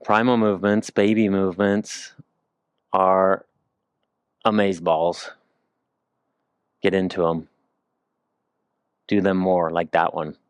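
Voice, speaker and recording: A male movement instructor guiding slow floor exercises, cracking self-mocking jokes between cues. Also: low voice, flat delivery, clean tone, no room sound. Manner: joking, self-mocking asides while demonstrating. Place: indoors on the floor. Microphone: handheld or clip mic he keeps moving.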